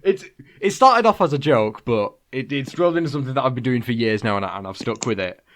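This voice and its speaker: A man's voice: mid-range voice, expressive, fast talker. A man chatting and joking on a casual podcast recorded over a computer call. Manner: joking, slips into pirate voices. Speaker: podcast co-host. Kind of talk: casual chat among friends. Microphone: computer mic, remote call.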